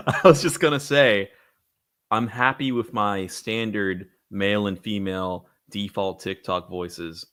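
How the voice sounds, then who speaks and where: A young man co-hosting a comedy podcast, offhand and quick to laugh. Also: on the low side, a bit bright, clean tone. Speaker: podcast co-host. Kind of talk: casual comedy chat.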